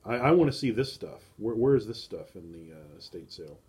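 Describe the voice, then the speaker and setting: Male streamer, lowish voice, casual rambling monologue, filler-heavy. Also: expressive, a little fast, darkish tone, slightly rough. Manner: rambling, thinking aloud with many fillers. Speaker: streamer browsing estate sale listings. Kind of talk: casual live-stream musing.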